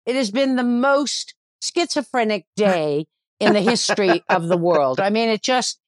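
A woman's voice: medium pitch, lively intonation, normal speed, no room sound, studio quality. A woman with a Newfoundland accent, a comedian guest chatting irreverently and swearing freely as she tells stories. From Newfoundland, Canada. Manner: salty, irreverent storyteller who swears freely. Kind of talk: casual interview chat. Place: at home, remote interview.

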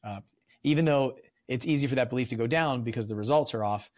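A man's voice: mid-range voice, fast talker. Rambling man hosting a podcast. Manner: rambling with many fillers and restarts. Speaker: podcast host. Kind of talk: casual podcast interview.

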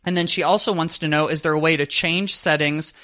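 A man hosting a podcast, reading a network plug and a listener's question in a brisk, announcer-like way. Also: fairly high pitch, steady tone, bright, forceful tone. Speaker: podcast host.

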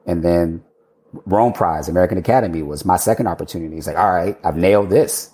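A male architect telling stories about his career in a casual interview, animated, laughing often and swearing casually. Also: low-pitched, fast.

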